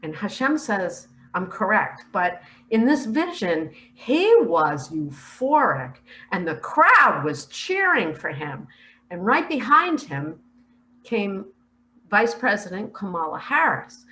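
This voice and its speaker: A woman's voice: fairly low pitch, very animated, bright, forceful tone, poor audio. Older lady telling her vision, heartfelt, emotional, takes her time. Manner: slow, heartfelt, emotional storytelling. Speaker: spiritual speaker sharing visions. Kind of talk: earnest first-person recounting of a vision.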